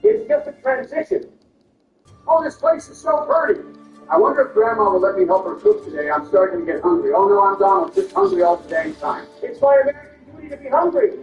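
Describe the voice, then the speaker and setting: A man's voice: high voice, very animated, brisk. A man doing comedic game commentary, trading crude insults in bickering impressions. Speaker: gameplay commentator. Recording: roomy, distant, muffled, with music.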